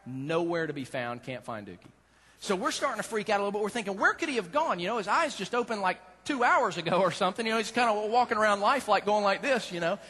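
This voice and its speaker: A man's voice: high voice, lively intonation, fast talker, bright, forceful tone, long reverb tail. A man preaching a sermon, telling a story in a playful, dramatic way. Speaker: pastor.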